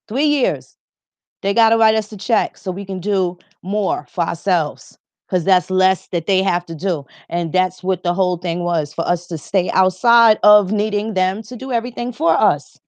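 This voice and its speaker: A woman's voice: medium pitch, darkish tone, no room sound. A woman hosting a livestream, talking in an emphatic, rambling, heavily profane monologue. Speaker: livestream host.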